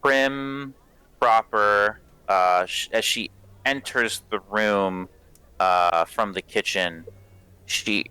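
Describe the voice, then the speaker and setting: A man's voice: lowish voice, very slow, pushed and bright, smooth, no echo. A man narrating as game master of a tabletop game, in a casual, rambling way with many fillers.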